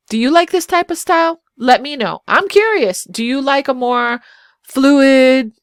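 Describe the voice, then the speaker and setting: A woman's voice: a little high, no room sound, studio quality. Chatty woman thinking aloud on screen. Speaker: web designer and channel host. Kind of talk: casual screen-share software walkthrough.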